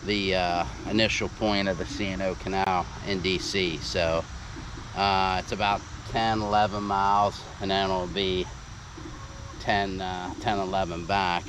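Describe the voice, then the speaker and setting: A man's voice: deep voice, level tone. Out-of-breath American man, wind noise. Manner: rambling, halting, with many fillers. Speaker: vlogger on a bike ride. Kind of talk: casual outdoor vlog narration. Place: outdoors on a trail by a canal. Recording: heavy wind noise on outdoor mic.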